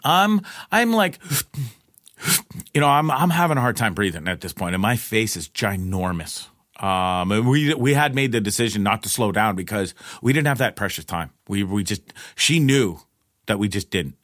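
A man's voice: dry recording, studio quality. Profane man telling a rambling story. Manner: profane, rambling, restarts often; animated retelling, pitch jumps in quoted lines. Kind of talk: casual personal anecdote.

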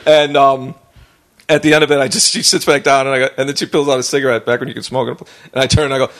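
A man's voice: medium pitch, little pitch movement, fast talker, a bit bright. Rambling, profane male comedian. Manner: rambling, profane, full of fillers and restarts. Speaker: stand-up comedian and podcast co-host. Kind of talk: casual storytelling.

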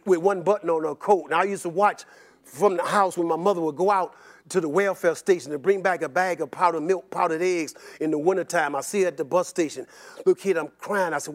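An older man telling stories about his life in an interview, animated and rambling, repeating words and often laughing. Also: high voice. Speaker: interview guest. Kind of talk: personal storytelling in an interview.

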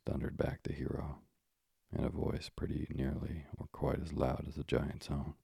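A man narrating a classic storybook in a measured, old-fashioned manner, with moralizing asides. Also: a bass voice, monotone, gravelly, mellow, breathy edge, no room sound, studio quality.

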